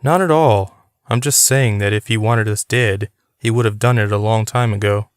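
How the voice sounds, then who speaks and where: A man voicing a blunt, sarcastic young man, read in a low, clean voice. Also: moderate pace, clean tone, no echo, lightly acted. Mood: insistent. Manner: dry, sarcastic.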